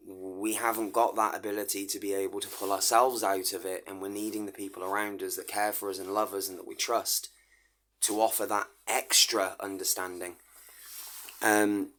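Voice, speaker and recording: Low flat-voiced man, halting and earnest. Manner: earnest, halting, with frequent stammered restarts. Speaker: vlogger. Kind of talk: personal confessional monologue.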